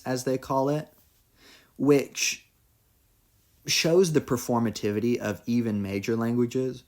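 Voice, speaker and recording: A man with a fairly low voice talks through a philosophy lecture on his own. He explains in a loose, conversational way, with the odd "you know" and "like". Now and then he reads quoted passages aloud. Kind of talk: recorded solo lecture.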